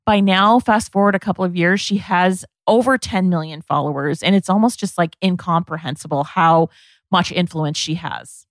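A woman's voice: fairly low pitch, normal speed, no echo. A woman co-hosting a beauty podcast, introducing the episode and reading a sponsor ad in an upbeat, conversational way. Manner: upbeat, conversational, sometimes says "like". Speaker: podcast co-host. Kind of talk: podcast intro and host-read ad.

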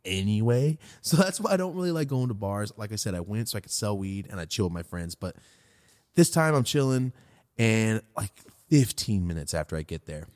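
A man hosting a podcast, telling a story in a loose, profane, rambling way while high. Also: expressive, moderate pace, a little mellow, no echo, studio quality. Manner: profane, rambling, laid-back. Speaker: podcast host. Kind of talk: casual storytelling.

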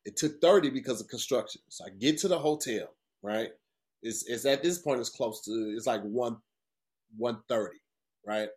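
Profane, storytelling podcast host. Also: male voice, medium pitch, moderate pace. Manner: profane, animated storytelling with voiced quotes. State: tired. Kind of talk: casual storytelling.

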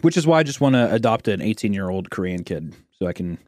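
A man's voice: fairly low pitch, sing-song, fast talker, darkish tone, no echo, clean studio sound. A young man hosting a podcast, rambling through profane, jokey stories in casual chat. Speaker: podcast host.

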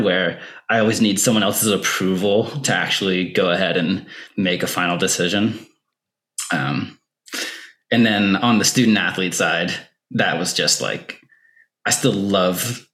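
A young man speaking as an interview guest, relaxed and rambling with many fillers. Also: sits low. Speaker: guest, professional trail runner. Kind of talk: casual interview talk.

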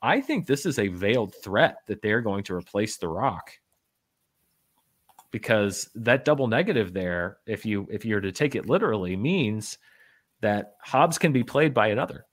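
A man's voice: lowish voice, lively intonation, normal speed. Wry, joking male podcast host. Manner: joking, wry, with many fillers and restarts. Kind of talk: casual chat reading news.

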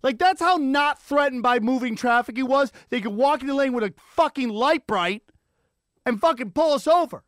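A podcast host from the Los Angeles area tells a profane, animated solo story in a high, bright voice, acting out sirens and quoted lines as his excitement builds. The recording is close and dry, with no room behind him.

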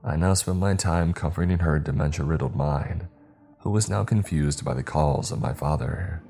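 A man narrating a horror story in a measured, steady way. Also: a bass voice, slightly rough, soft background music.

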